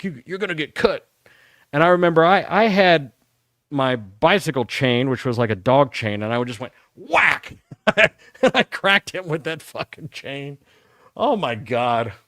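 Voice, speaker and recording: A middle-aged man hosting a talk show, telling rambling, profane stories about his school days in a casual, animated way. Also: fairly high pitch, no room sound, studio quality. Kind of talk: casual storytelling.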